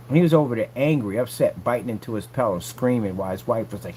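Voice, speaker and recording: Vlogging casually from a work site, a man selling projection screen paint taunts a rival, boastful and repetitive. He talks fast with few pauses, in a medium-pitched, dark, husky voice.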